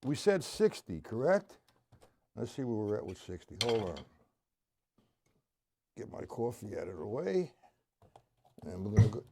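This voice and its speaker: A man's voice: fairly low pitch, big pitch swings, measured pace, vocal fry, pauses often, noisy background. A middle-aged man teaching a live-streamed drum lesson, patiently explaining and counting aloud as he plays.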